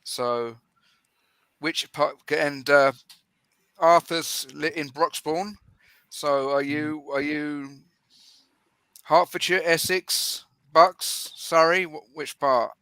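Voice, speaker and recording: A man from England joins a fan panel over a video call and teases the others with quick jokes. His voice is bright and forceful and a little high, and the sound is dry. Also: fairly even intonation, smooth, no echo. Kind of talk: casual fan-show chat. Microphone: video call mic.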